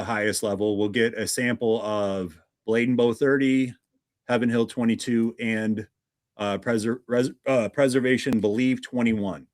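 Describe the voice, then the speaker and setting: A man's voice: fairly low pitch, dry recording. A man hosting a casual livestream, chatty and greeting viewers one by one. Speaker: livestream host.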